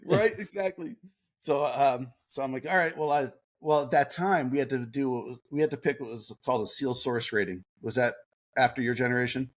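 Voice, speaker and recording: A middle-aged man telling an animated story as a podcast guest, laughing often and acting out what others said. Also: medium pitch, brisk. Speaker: podcast guest, former Navy SEAL. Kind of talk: casual storytelling.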